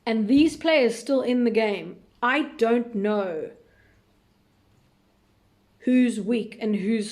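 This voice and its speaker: A woman's voice: medium pitch, darkish tone. A woman hosting a live recap chat, thinking aloud with many fillers and answering viewer questions in a loose, unsure way.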